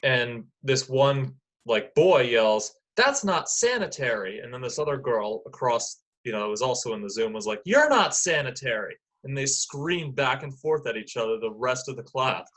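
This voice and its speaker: A man's voice: medium pitch, normal speed, few pauses. A young man guesting on a podcast, telling stories in an easygoing, casual way. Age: young adult. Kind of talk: casual chat.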